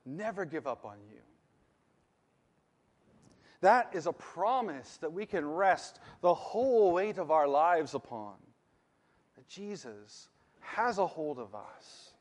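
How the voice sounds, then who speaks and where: A man preaching a sermon as pastor, earnest and emphatic, slowing down to stress key phrases. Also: on the high side, lively intonation, big-room sound.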